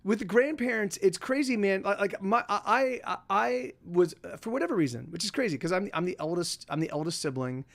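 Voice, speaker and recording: Middle-aged male streamer, high voice, casual rambling chat from home, lots of restarts. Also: animated, brisk, creaky, few pauses, fairly bright tone. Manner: rambling, many restarts and fillers. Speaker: livestream host. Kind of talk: casual chat to a live audience.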